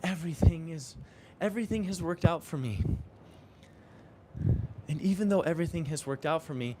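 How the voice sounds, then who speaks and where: A man's voice: fairly high pitch, moderate pace, background noise. A young man talking earnestly and reflectively while riding a bike outdoors in the rain, often repeating phrases to himself. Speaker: vlogger. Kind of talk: reflective spiritual vlog.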